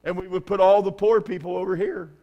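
A pastor preaches in a folksy, joking way, with his voice sitting a little on the higher side for a man. He tells his stories with plenty of humor and then rises to loud, emphatic bursts. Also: steady tone, a little fast, muffled recording. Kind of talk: sermon.

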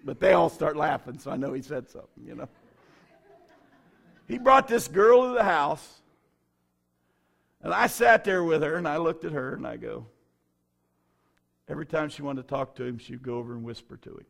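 A man's voice: on the high side, animated, moderate pace, creaky, pauses often, a bit bright. A middle-aged man, a pastor, preaching a sermon with folksy stories and bursts of fervor.

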